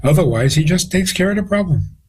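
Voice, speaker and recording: A man's voice: fairly high pitch, animated, fairly quick, darkish tone, breathy edge, rough recording. A rabbi, a man, tells stories with quoted dialogue as a guest on a radio interview. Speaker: rabbi answering questions as a guest.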